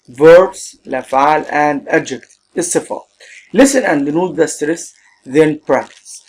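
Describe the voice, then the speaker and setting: A man's voice: a little high, a little mellow, a little hiss or hum. Egyptian-accented male English teacher. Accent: Egyptian Arabic. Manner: mixes Arabic explanation with English, stresses words emphatically. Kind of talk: classroom English lesson.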